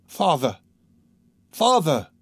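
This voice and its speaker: A man's voice: fairly high pitch, big pitch swings, very slow, a bit bright, slightly rough, no echo, clean studio sound, voice pushed up, full character voice. A man voicing a frightened little boy who cries out pleadingly for his father. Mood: terrified.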